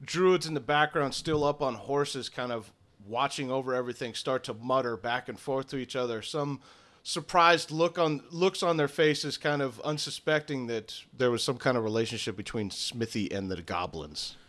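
A man narrating scenes as game master of a tabletop game, steady and descriptive with a few fillers. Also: mid-range voice, moderate pace.

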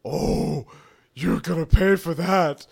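A man's voice: a little high, slow pace, creaky, husky, pitched above the performer's own voice, full character voice. A man voicing a smug, scheming salesman who taunts his captives in a raised, gloating voice. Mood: taunting.

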